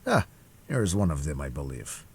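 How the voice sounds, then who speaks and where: A man voicing a calm, dignified male musketeer in a storybook reading, speaking quiet and measured. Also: very deep voice, slightly rough, pitched below the performer's own voice, exaggerated voice. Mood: approving.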